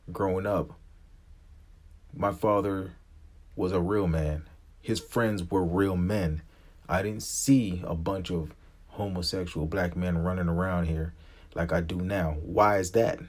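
Man, 40s, low husky voice, blunt and profane, impassioned opinion vlog. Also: fairly even intonation, takes it slowly, long pauses, a little mellow. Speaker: vlogger. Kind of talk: opinion rant to camera.

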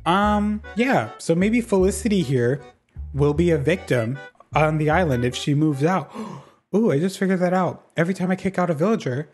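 A man giving casual gameplay commentary as a YouTuber, chatty and excitable, laughing often. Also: fairly high pitch, normal speed, faint music behind. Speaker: gaming YouTuber.

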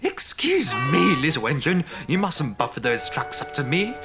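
A man's voice: mid-range voice, big pitch swings, unhurried, over music. A man voicing a bossy, haughty female diesel railcar in a storybook reading, imperious and scolding.

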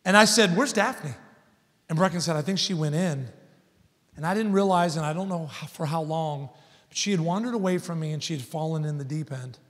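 Guy preaching in a big church, kinda high voice, long echo off the walls, tells stories then gets loud. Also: a little fast. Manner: storytelling, builds to loud emphatic points. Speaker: guest preacher. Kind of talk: sermon. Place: large church hall. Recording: long church hall reverb.

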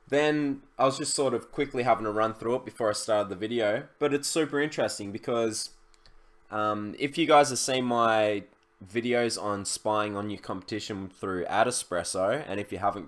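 Chatty young man, fairly low. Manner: chatty, loose, with many fillers and restarts. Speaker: e-commerce YouTuber. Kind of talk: casual screen-share tutorial.

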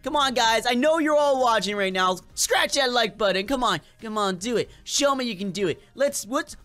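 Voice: medium pitch, a bit bright. A gaming video creator with a slight accent and a lingering cold, giving playful, chatty gameplay commentary straight to viewers.

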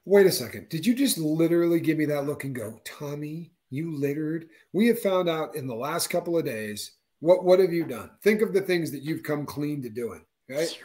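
Animated man in his fifties. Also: brisk, hardly any pauses. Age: 50s. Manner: animated storyteller, acts out quotes with big pitch jumps. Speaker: co-host. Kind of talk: casual chat.

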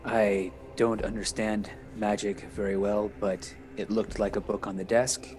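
A man's voice: lowish voice, level tone, measured pace, background noise. A man playing a tabletop game in character, blunt and confrontational. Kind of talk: in-character role-play. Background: faint background music.

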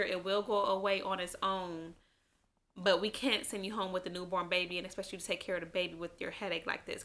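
A woman's voice: lowish voice, pushed and bright. A young woman telling her own story in a casual sit-down vlog, rambling with many fillers and growing emotional at times. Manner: emotional, eyes welling up at times. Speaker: vlogger.

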